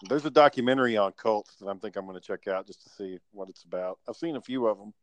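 A man's voice: fairly low pitch, quick pace. A man co-hosting a podcast in casual chat, laid-back and rambling, swearing freely. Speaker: podcast co-host.

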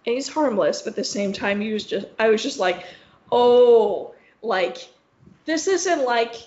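A woman's voice: fairly high pitch, lively intonation, brisk. A young woman co-hosting a podcast, rambling through a story with lots of swearing and "like". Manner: rambling, swearing, heavy use of "like". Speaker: podcast co-host. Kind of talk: casual storytelling chat. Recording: roomy, slightly dull sound.

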